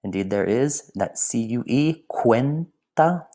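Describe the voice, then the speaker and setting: A man's voice: on the low side, moderate pace, a little mellow. Playful man teaching a language lesson. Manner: playful, with whispered asides. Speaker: Spanish teacher.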